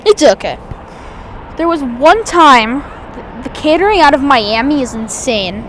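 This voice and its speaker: High-voiced woman chatting plane-spotting live. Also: animated, a little slow, fairly bright tone, slight background noise. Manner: chatty, enthusiastic, rambling with restarts. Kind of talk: live aviation commentary. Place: outdoors at an airport.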